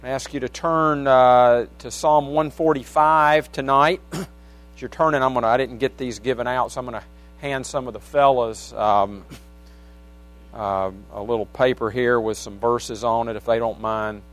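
A pastor preaches a midweek sermon in a church sanctuary using a wireless handheld microphone, his voice medium-pitched with fairly even intonation at normal speed. He mixes scripture reading with folksy asides to the congregation.

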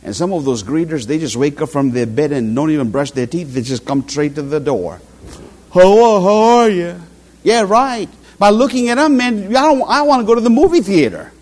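A man's voice: a little high, brisk, hardly any pauses. A middle-aged man preaching a sermon, telling stories and acting out quotes. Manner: animated storytelling with acted quotes.

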